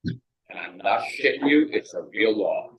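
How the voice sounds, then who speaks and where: Slow, animated American man telling a story. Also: on the low side, echoey room, distant mic, dull audio. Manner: profane, digressive, slips in bits of French and Spanish. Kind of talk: casual spoken storytelling.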